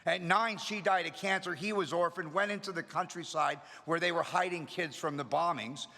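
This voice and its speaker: A middle-aged man tells his story to a meeting, mixing energy and humor. His voice is bright and forceful and sits a bit high for a man. It rings out with the long reverb of a large hall. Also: moderate pace. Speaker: recovery meeting speaker. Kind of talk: storytelling talk to an audience.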